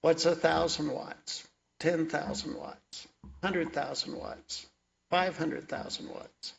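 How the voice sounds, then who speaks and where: Male storyteller, wry and reflective, unhurried delivery, dull lo-fi recording. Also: on the high side, steady tone, vocal fry, slight background noise. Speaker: author and energy worker sharing his story. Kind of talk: personal storytelling talk.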